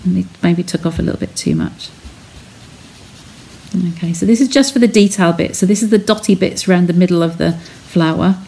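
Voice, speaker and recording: A woman's voice: lowish voice, very animated, brisk, vocal fry, mellow, husky. A woman chatting as she talks viewers through a craft technique step by step on a live stream from her home studio. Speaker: craft demonstrator.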